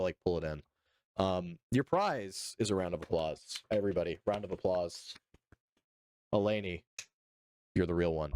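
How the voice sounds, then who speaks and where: A man's voice: fairly low pitch, no room sound, studio quality. A man from Georgia streaming live, reacting casually to news and joking back and forth with his viewers. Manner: jokey, playfully indignant, addresses chat directly.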